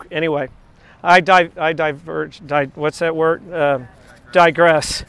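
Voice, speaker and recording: A man in his fifties, a teacher giving a devotional message to his class, telling faith stories in an excitable, chatty, digressive way. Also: fairly high pitch, moderate pace. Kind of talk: rambling faith storytelling to a class.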